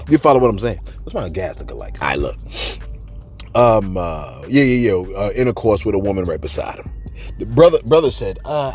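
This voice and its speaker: A man hosting a celebrity gossip show, joking through the news and talking straight to viewers. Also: sits low. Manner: animated, jokey, talks straight to viewers, acts out quotes.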